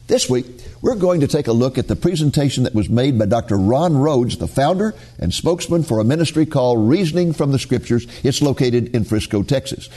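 Husky-voiced male ministry program host. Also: mid-range voice, lively intonation, fairly quick, hardly any pauses, warm tone. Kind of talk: scripted program introduction.

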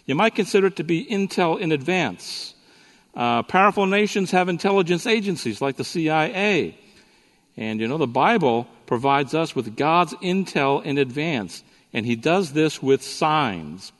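A man delivers a lively sermon-style talk at a conference, his voice sitting a little high and carrying a long reverb from the hall. He swings between storytelling and teaching, tossing playful asides to the crowd. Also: moderate pace. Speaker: conference speaker.

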